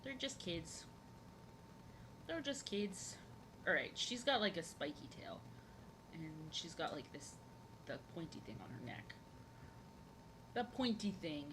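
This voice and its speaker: A woman's voice: on the low side, animated, unhurried, long pauses, noisy background. A woman streaming as she draws, chatting casually in a rambling, jokey way and repeating her phrases. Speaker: live-streaming artist. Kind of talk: casual chat while drawing on stream.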